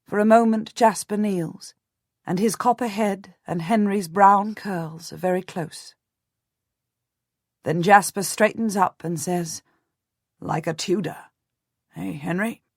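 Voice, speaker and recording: A woman narrating a historical novel in the first person, measured and restrained, on a close studio mic. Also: mid-range voice, no room sound. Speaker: audiobook narrator.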